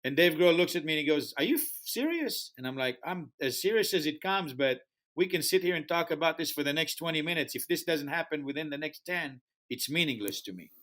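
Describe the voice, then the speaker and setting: A man whose first language is not English tells a story in a podcast interview. He acts out the dialogue as he goes, and his voice sits on the higher side. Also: brisk. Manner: animated storyteller acting out dialogue. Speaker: music festival founder, guest.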